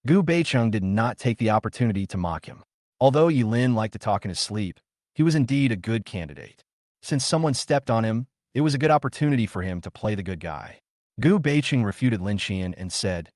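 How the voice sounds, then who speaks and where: Male story recap narrator, low pitch, animated delivery, dry close sound. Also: fairly quick, no room sound.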